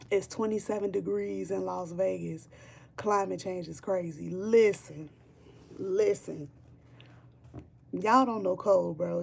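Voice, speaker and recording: Woman, gravelly fry, casual livestream chat, emphatic, repeats herself, swears. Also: medium pitch, a little mellow. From Chicago, Illinois. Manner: emphatic, repetitive, swearing freely. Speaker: streamer chatting with viewers.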